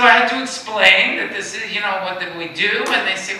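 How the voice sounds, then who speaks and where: Middle-aged male guest speaker, animated anecdotes, bright tone, heard from a distance in a roomy hall. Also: sits high, a little fast. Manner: animated anecdotal storytelling with lively quoted voices. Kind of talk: storytelling talk. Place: synagogue hall. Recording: echoey hall, distant mic, faint noise.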